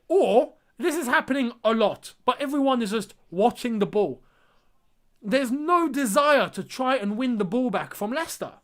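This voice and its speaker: A young man hosting a live football watchalong, reacting with exasperation and disbelief and talking straight to his viewers. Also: extremely high pitch. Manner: exasperated, incredulous, talks to viewers as lads. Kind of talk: live match reaction and commentary.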